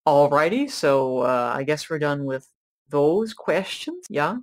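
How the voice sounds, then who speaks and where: A man's voice: fairly high pitch, big pitch swings, takes it slowly. Guy rambling into a mic in a loose q&a, teasing, jokey, laughs all the time and trips over his words. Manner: joking, laughs often, restarts lines. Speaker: co-host of a Q&A chat. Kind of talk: casual rambling chat.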